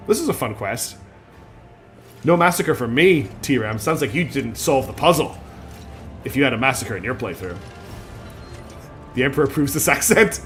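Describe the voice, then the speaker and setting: A man giving casual game-stream commentary at a middle pitch, chatty and quick to mock himself. Faint game music plays behind him. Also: expressive, a bit bright. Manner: chatty, self-mocking, laughs at own accents.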